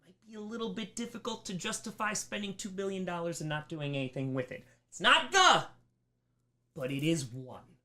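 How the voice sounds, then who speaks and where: A young man giving a lively history lesson on a charity livestream, asking rhetorical questions and acting out mock quotes. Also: high voice. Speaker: streamer teaching history. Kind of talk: energetic classroom lecture. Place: streaming room.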